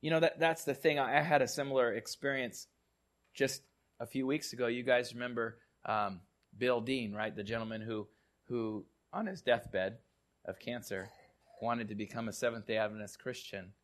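A man preaching a sermon in a mid-range voice and telling stories. He often repeats words as he speaks. He drops to soft, quiet tones for the serious parts. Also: medium pitch, fairly even intonation, moderate pace. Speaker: pastor.

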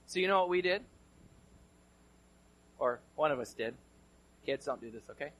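A male pastor from California preaching a sermon, telling a story conversationally and swinging between loud and hushed delivery. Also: fairly high pitch, animated, moderate pace.

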